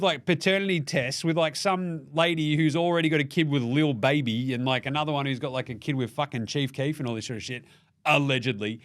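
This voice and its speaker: A man's voice: a little high, no echo, clean studio sound. A man with an Australian accent hosting a casual basketball recap, ranting with a lot of swearing and jokes. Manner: profane, animated, jokey rant. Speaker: basketball show host.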